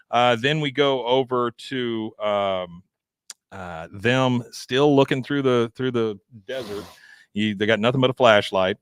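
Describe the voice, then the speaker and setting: A man's voice: mid-range voice, steady tone, a little slow, smooth, dry recording, clean studio sound. A man co-hosting a live podcast, retelling a cartoon episode and acting out the characters' lines in raised voices. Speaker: podcast co-host. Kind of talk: casual chat, retelling an episode.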